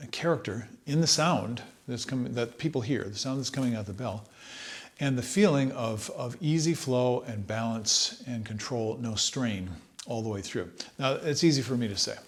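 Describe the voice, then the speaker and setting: Relaxed man teaching trumpet. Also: mid-range voice. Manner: relaxed, thoughtful, sings phrases to demonstrate. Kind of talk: instructional talk.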